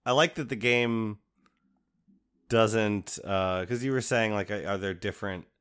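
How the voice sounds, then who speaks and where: Man host, casual chat, lowish voice, relaxed and halting. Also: smooth. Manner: relaxed, halting, with restarts and laughs.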